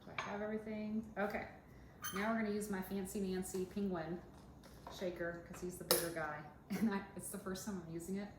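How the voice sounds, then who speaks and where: A woman's voice: medium pitch, level tone, brisk. A woman co-hosting a podcast, chatting casually and giggling as she mixes a cocktail. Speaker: podcast co-host, dentist. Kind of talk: casual chat while mixing a cocktail. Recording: echoey room with background noise.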